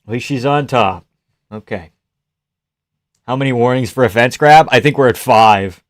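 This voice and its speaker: A man hosting a live fight reaction stream, chatting casually with viewers, reading chat and cursing as he yells at the action. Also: medium pitch, moderate pace. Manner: swears freely, yells at the fight; reads and answers chat. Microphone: desk mic, gain adjusted live.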